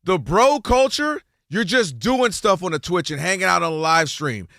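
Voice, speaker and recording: Bright, high-voiced male sports radio host. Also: expressive, moderate pace, gravelly, no room sound, studio quality. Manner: emphatic, thinks aloud with restarts.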